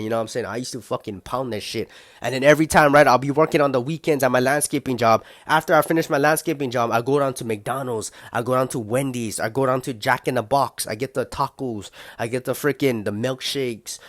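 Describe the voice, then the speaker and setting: A man's voice: medium pitch, no room sound, studio quality. A young man giving a casual, heated motivational rant, rambling and full of swearing. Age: young adult. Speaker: motivational vlogger.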